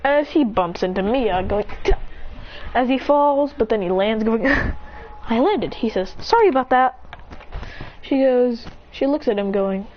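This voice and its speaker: A woman narrating an improvised story in a rambling, breathless way, jumping up in pitch to voice the characters. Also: muffled recording, slight background noise.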